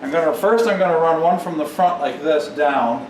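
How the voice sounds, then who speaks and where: A man's voice: a little high, moderate pace, darkish tone. Man muttering in an echoey workshop. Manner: muttering to himself as he builds. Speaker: DIY workshop host. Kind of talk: casual talk while working. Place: workshop, indoors. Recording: echoey workshop, far mic, tool noise.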